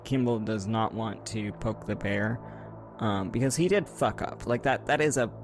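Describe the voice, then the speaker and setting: A man's voice: lowish voice, normal speed, over music. A man playing a tabletop game, casually describing his character's actions with lots of "like".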